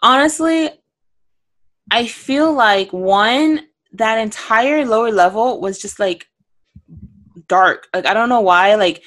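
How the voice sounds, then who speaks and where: A woman's voice: on the high side, slow, fairly bright tone. A woman co-hosting a podcast, chatting casually about a movie in a rambling way, full of "like". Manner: rambling, frequent "like", laughs a lot. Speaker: podcast co-host. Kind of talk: casual movie review chat.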